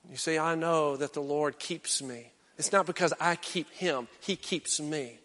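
A male pastor preaching a sermon, swinging from loud exhortation down to hushed, intense near-whispers. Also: on the high side, unhurried, big-room sound.

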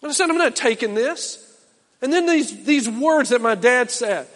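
A middle-aged male pastor preaching a sermon, swinging from loud impassioned calls to low, quiet urging. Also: expressive, normal speed, in a large hall.

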